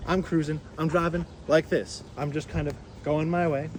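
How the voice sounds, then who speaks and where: Brief: man, fairly high voice, lively casual storyteller, faint outdoor noise. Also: moderate pace. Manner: animated, with many fillers and restarts. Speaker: rideshare driver and musician.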